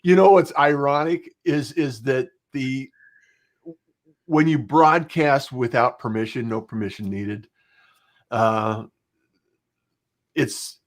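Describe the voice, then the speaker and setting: A man's voice: mid-range voice, takes it slowly, pauses often. A middle-aged man hosting a podcast, chatting casually and rambling with frequent fillers. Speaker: podcast host. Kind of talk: casual interview chat.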